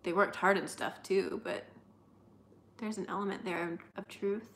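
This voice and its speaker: A woman's voice: medium pitch, moderate pace, fairly bright tone, slight background noise. A young woman co-hosting a live stream, chatting casually with viewers in a rambling way full of fillers.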